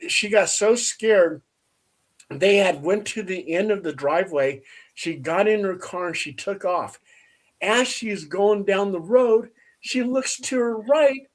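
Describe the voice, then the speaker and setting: A high-pitched man hosts a casual chat, animatedly telling a story and acting out the voices of the people in it.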